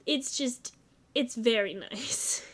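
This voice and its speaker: A young woman talks through a life-sim game in relaxed running commentary, gushing over what she sees. Her voice sits high, and she often drops into soft murmured asides. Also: slow, husky. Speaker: gaming channel host.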